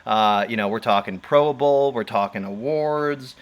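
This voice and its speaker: A man with a mid-pitched, ordinary voice, hosting a live sports talk stream. He rambles, leans on fillers and breaks into laughs. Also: measured pace, smooth. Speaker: host. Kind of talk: casual livestream chat.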